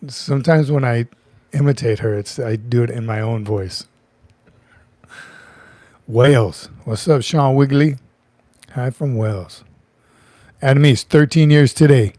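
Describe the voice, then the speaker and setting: A man's voice: mid-range voice, unhurried, pauses often, dark tone, dry recording. A middle-aged man hosting a casual livestream, chatty, joking and greeting viewers by name. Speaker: livestream host.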